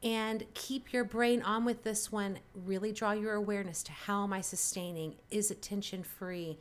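A woman, the host of the show, leading a guided vocal warm-up lesson with calm, encouraging instructions. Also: mid-range voice, moderate pace. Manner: calm, encouraging instruction with cues to body awareness. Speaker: voice teacher and podcast host.

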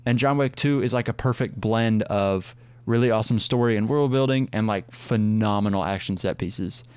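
A man's voice: fairly low pitch, moderate pace, darkish tone, clean tone, dry recording. A young man co-hosting a casual movie review chat, talking enthusiastically with many fillers.

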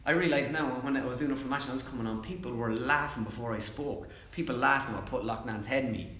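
A young Irish man chatting casually as a comedian guest, telling stories fast and acting out quotes. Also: mid-range voice, pushed and bright, roomy sound. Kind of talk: casual chat.

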